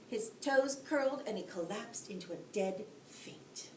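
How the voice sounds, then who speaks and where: A woman teacher reading a bedtime story aloud, expressive, with friendly asides to young listeners. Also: mid-range voice, measured pace. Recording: echoey room, distant mic, faint hiss.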